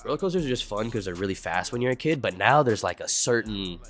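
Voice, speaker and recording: Lively, low-voiced young man streaming. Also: fast talker, soft background music. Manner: laid-back, swears a lot, reacts to chat. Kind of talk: casual livestream chat.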